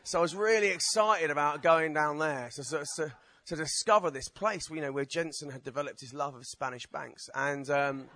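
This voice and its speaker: A man's voice: a little high, moderate pace, few pauses, pushed and bright. Chatty self-mocking man. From Essex, England. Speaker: stand-up poet. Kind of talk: stand-up comedy with poetry performance.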